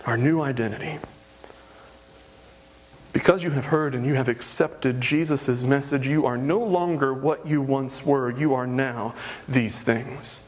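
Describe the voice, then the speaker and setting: A man's voice: a little high, brisk. A man preaching a sermon, earnest and emphatic, stressing his points through repetition. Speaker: pastor.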